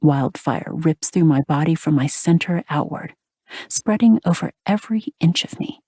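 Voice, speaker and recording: Woman narrator, romance audiobook, husky half-whispered delivery, deep voice, dead-dry close mic. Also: animated, moderate pace, mellow, no room sound. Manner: breathy, half-whispered intimate reading.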